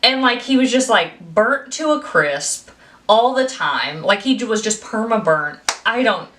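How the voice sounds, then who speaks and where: A young woman chats through a movie review with animated, profane storytelling. Her pitch sits in the middle range. The room gives her voice a noticeable echo. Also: measured pace. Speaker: podcast co-host. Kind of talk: casual movie review chat.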